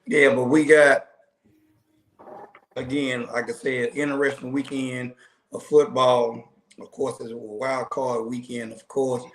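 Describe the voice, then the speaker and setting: A man's voice: mid-range voice, level tone, measured pace. A man hosting a casual sports podcast, opening with showman-style introductions and teasing his co-hosts. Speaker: podcast host. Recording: echoey room with faint noise.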